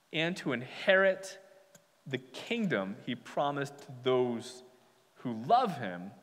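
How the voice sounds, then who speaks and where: A man's voice: fairly high pitch, in a large hall. A male pastor preaching a sermon in a conversational way, with sarcastic asides and chuckles.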